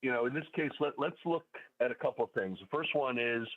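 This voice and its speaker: A man's voice: mid-range voice, fast talker. A man calling into a radio talk show, laying out his points methodically with frequent fillers. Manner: methodical, lays out points in order, with many fillers. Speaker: caller. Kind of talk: call-in radio commentary. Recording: phone-line caller audio.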